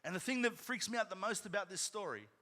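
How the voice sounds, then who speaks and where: A man preaching in a church sanctuary, telling a personal story as though chatting with the congregation and tossing in "right?" again and again. His voice is bright and forceful, and at its height it climbs loud and high. Long reverb trails behind his words. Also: animated, fast. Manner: conversational, frequent "right?" asides, rising to loud emphatic peaks. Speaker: pastor.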